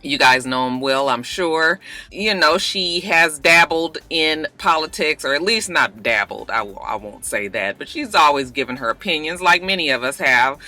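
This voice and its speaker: Speaking in a low, bright, forceful voice, a woman runs a casual chat vlog about celebrity news. She's blunt and throws in sassy asides, and a dental retainer makes her mouth sound a bit thick.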